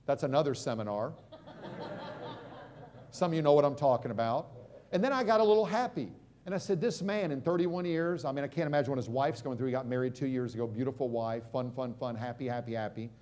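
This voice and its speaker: A middle-aged American man giving a motivational seminar talk, quizzing the crowd and swinging from loud punches to hushed moments. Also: medium pitch, expressive, fast talker. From United States. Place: stage at a live seminar.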